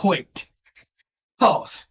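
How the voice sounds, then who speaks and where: A man's voice: very slow, fairly bright tone. A man, co-hosting a comedy show with a laid-back, teasing folksy drawl. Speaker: co-host. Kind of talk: comedic banter. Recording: dull lo-fi recording.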